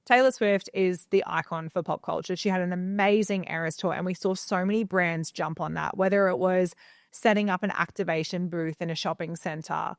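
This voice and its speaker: A woman's voice: fairly low pitch, steady tone, fairly quick, gravelly, dry recording. A young woman co-hosting a casual podcast from a home studio, chatty and opinionated as she gives advice. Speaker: podcast co-host.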